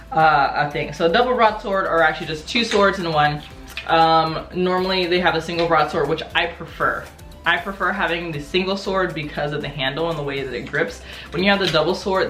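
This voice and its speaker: Low-pitched American woman, relaxed and rambling, recorded in a roomy space. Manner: chatty, laughing, many fillers and restarts. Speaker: martial arts vlogger. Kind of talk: casual show-and-tell vlog.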